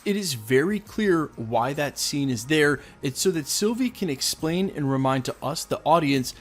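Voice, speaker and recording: A man's voice: fairly high pitch, lively intonation, moderate pace. Enthusiastic man hosting a recap. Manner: explanatory, walks through details point by point. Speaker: host. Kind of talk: fan recap and breakdown video.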